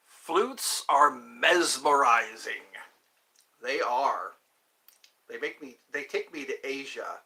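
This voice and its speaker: A man hosting a casual livestream, greeting viewers by name and answering their comments in an unhurried, friendly way. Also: mid-range voice, pushed and bright, poor audio. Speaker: livestream host. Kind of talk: casual livestream chat, greeting viewers between flute playing.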